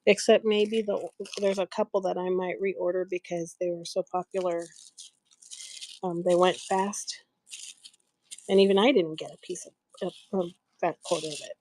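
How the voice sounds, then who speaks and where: A woman's voice: on the low side, steady tone, normal speed, a little mellow, slight background noise. A middle-aged woman chatting on a craft live stream, telling stories and laughing often while she works.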